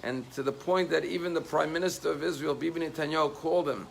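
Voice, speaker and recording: Gravelly rabbi telling a story. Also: male voice, a little high, quick pace, slight background noise. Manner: emotive retelling with rising intensity on quoted pleas. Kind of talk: sermon storytelling.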